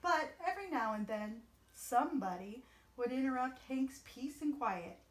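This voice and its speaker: A woman storyteller reading a children's picture book aloud with an expressive, animated delivery. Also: high voice, moderate pace, echoey room, distant mic.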